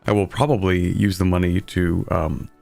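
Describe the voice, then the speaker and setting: A man's voice: deep voice, steady tone, normal speed, creaky, darkish tone, faint music behind. A young man streaming a strategy game, talking casually in a sleepy, rambling way while he explains his moves. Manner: sleepy, rambling, self-deprecating.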